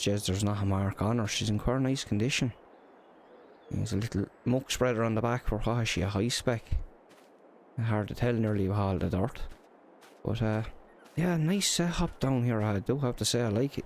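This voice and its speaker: A man's voice: fairly low pitch, darkish tone, a little hiss or hum. A man with an Irish accent narrating a farming roleplay in a chatty storytelling way, full of local slang. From Ireland. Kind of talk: casual in-character roleplay narration.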